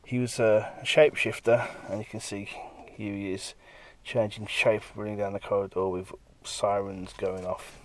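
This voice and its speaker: A man with a fairly low voice talks casually through the comic pages he has drawn. He rambles from panel to panel and slips into bits of the characters' dialogue as he goes. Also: little pitch movement, moderate pace, few pauses. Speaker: comic artist.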